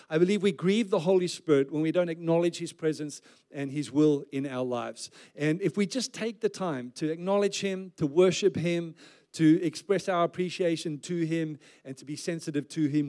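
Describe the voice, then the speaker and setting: A man's voice: a little high, darkish tone. Man preaching a sermon. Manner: conversational preaching with joking asides. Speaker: pastor.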